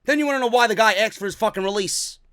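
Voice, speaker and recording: A man hosting a wrestling commentary show, ranting angrily and profanely and often shouting. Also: high voice, quick pace, clean tone, dry recording, studio quality.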